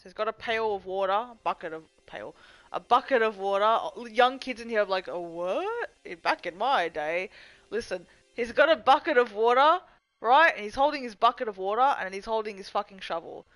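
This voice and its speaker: This young woman's voice is a little high, a bit bright, and expressive, moving a little fast. Recorded roughly with no echo, she hosts a livestream where she rambles, curses freely, acts goofy, and reads out chat messages.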